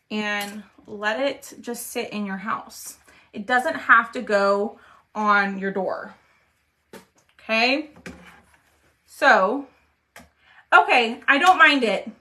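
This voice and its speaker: A woman's voice: a little high, sharp tone. A woman, chatting casually with viewers while she crafts on a livestream, trailing off as she concentrates.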